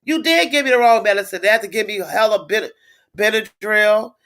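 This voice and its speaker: A woman's voice: mid-range voice, brisk, a bit bright. A middle-aged woman talking straight to her live viewers in a blunt, indignant way. She swears freely and doubles up words for emphasis. She stops now and then to read and answer comments. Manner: repeats words, reads viewer comments aloud. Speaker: livestream host. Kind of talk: casual live-stream chat.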